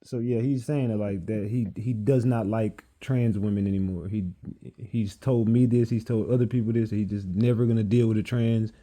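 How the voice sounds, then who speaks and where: Blunt man with a dark voice. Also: lowish voice, fairly even intonation, normal speed. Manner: blunt, probing questions. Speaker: interviewer. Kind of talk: casual phone interview.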